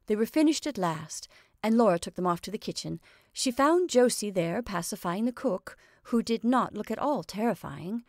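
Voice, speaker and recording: A woman's voice: mid-range voice, expressive, normal speed, no room sound. Woman reading a story, dry sound.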